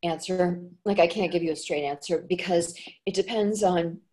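A woman with a fairly low voice chats as a guest in a relaxed interview. She is an actress and dialect coach who tells her stories with animated swings in pitch. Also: moderate pace. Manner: animated storyteller with lively pitch jumps. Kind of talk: casual interview chat.

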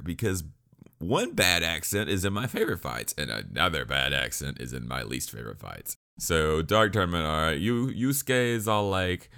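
A man's voice: a bass voice, big pitch swings, normal speed, fairly bright tone. A man rambling casually through an anime review, joking and swearing as he goes.

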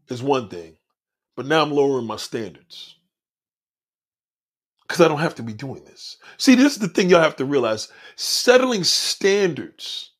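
A man's voice: medium pitch, breathy edge. A man hosting his own podcast, talking in a blunt, profane, preachy monologue straight to his listeners. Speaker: podcast host. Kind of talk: casual monologue on a livestream.

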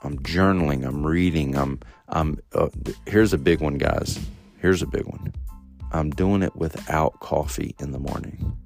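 A man hosting a solo podcast, telling a personal story in a lively, casual way and talking straight to his listeners. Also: rumbling low, unhurried, vocal fry, faint music behind. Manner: animated storytelling, addresses listeners directly. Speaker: podcast host.

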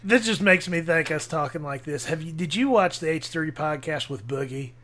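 A man's voice: a little high, expressive, normal speed, bright, forceful tone, slight background noise. A man co-hosting a casual podcast, rambling and opinionated with a joking edge. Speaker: podcast co-host. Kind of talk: casual chat.

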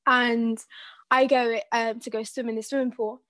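A young British woman, co-hosting a podcast and telling a story in a chatty, animated way with many fillers. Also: on the high side, normal speed, no echo. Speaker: podcast co-host. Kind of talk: casual chat.

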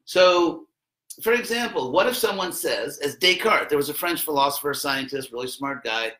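A man's voice: on the high side, expressive, normal speed, bright, forceful tone, echoey room, poor audio. A man giving an informal classroom lecture in a rambling, conversational way, with wry asides.

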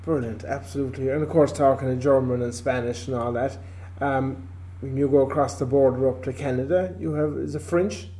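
A man's voice: medium pitch, fairly even intonation, a little fast, mellow. A man with a Kerry Irish accent, interviewing a guest in easygoing casual chat. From Ireland. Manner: easygoing, lots of agreeing "yeah".

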